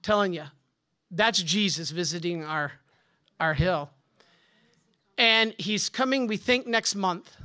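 A man, a Catholic priest, giving a conference talk with emphatic preaching and rhetorical questions, swinging from forceful declarations to hushed asides. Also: high voice, slow, pauses often.

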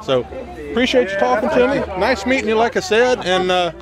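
A man's voice: very high voice, brisk. A man vlogging at an outdoor farm meetup, chatting and joking with guests and tripping over names. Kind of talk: casual chat. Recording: loud crowd chatter outdoors.

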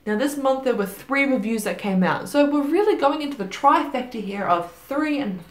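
A woman's voice: high voice, expressive, normal speed, echoey room. A young woman vlogging her monthly reading wrap-up in a chatty, self-deprecating way, with lots of fillers and little laughs. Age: young adult. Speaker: book vlogger.

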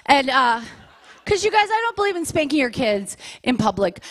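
High-voiced woman doing stand-up. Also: moderate pace. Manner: animated, punchy deadpan punchlines with voiced characters. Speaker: stand-up comedian. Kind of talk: stand-up routine. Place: church comedy venue on stage.

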